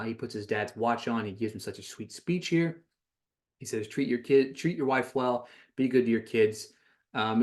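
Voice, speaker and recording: A man hosting a podcast, casually recapping a reality show episode, rambling with many fillers and self-corrections, his voice rising when he gives his opinion. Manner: gets louder and higher when giving his opinion.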